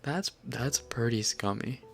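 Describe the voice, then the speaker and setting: A woman chatting casually on a live stream, answering her chat in a soft, giggly, rambling way with lots of fillers. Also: rumbling low, unhurried, faint music behind.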